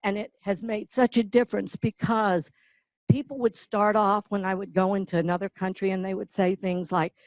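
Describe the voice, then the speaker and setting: A woman's voice: medium pitch, flat delivery, a little mellow, rough recording. An older woman from the North Carolina-Virginia border, giving a folksy, heartfelt award tribute. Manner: folksy storyteller, slow and emotional. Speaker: award presenter.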